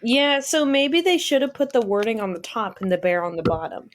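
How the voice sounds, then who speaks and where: A woman's voice: on the high side, brisk. Giggly, easygoing young woman co-host. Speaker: podcast co-host. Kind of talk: casual chat.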